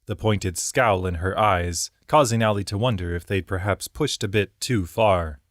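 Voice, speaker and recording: Low-voiced man narrating a fantasy audiobook. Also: unhurried, dry recording, studio quality. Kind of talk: scripted narration.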